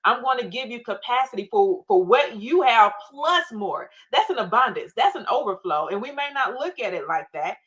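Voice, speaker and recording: A woman's voice: a little high, animated, normal speed, hardly any pauses, a bit bright, poor audio. A middle-aged woman telling her faith story in an interview, emphatic, with her own past prayers acted out in quotes. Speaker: guest. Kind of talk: faith-based interview talk.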